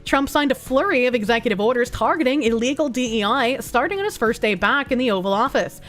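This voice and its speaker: Sarcastic woman streamer with a rough throat. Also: fairly high pitch, animated, fast talker, a bit bright, faint music behind. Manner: reads chat and news aloud with blunt, sarcastic asides and frequent swearing. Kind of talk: casual livestream chat reading donations.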